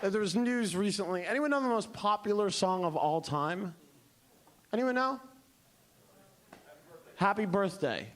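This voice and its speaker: A man performing a stand-up comedy set on a club stage, telling stories with animated delivery and shouted punchlines. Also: high-pitched, unhurried, long pauses. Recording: noisy live club recording.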